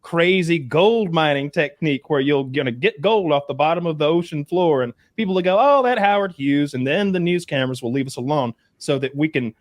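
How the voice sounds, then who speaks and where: A man's voice: a little high, fairly quick, few pauses, dry recording. A man co-hosting a podcast, telling a rambling story in casual chat. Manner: rambling storyteller, puts on mocking voices. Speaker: podcast co-host.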